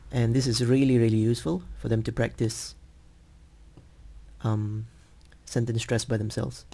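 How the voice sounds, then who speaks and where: A man teaching English over a video call, explaining patiently and slowly with frequent ums. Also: mid-range voice, level tone, vocal fry, warm tone. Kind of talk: screen-share teaching demo.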